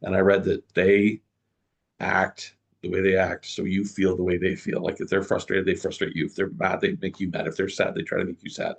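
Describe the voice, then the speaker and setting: Gravelly, husky middle-aged man. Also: low-pitched, fairly quick. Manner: animated storyteller, many restarts. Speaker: guest. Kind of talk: casual storytelling in an interview.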